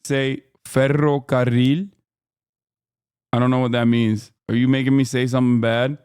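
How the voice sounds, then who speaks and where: A man in his thirties streaming reaction commentary, animated and joking as he reads from his chat, on a close desk mic. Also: mid-range voice, brisk, smooth, no room sound.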